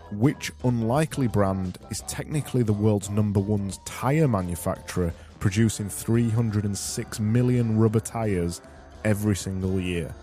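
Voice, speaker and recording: A man's voice: lowish voice, mellow. A man with a Barnsley accent hosting a solo podcast, rambling and self-mocking as he reads out quiz questions. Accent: Barnsley, Yorkshire. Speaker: podcast host.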